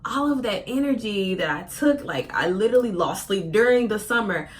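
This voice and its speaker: Candid, slangy young woman telling a story. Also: moderate pace. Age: 20s. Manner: casual, profane, expressive with slang; acts out her own quoted lines with big pitch jumps. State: near tears at times. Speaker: vlogger.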